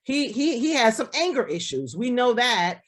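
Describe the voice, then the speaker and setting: A woman pastor preaches over a video call, her pitch swinging up and down as she talks. She keeps the tone conversational, tossing in "right?" and acting out the voices of the people she quotes. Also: sing-song, moderate pace. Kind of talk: sermon.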